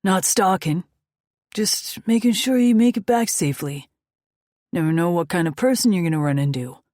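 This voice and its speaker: A woman's voice: fairly low pitch, expressive, moderate pace, a little mellow, dry recording, studio quality, voice pushed up, close to an everyday voice. A woman voicing a charming biker with a slight Italian accent. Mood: reassuring.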